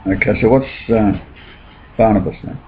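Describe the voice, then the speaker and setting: A man with a lowish voice speaks at a moderate pace, rambling and insistent in casual conversation as he makes religious claims. The recording is dull and lo-fi with faint noise.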